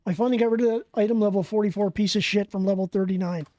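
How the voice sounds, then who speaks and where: Profane gaming streamer, warm voice. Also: mid-range voice, rapid-fire, no echo. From Canada. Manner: excitable, profane, chatty banter with viewers. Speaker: game streamer. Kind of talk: live gameplay commentary.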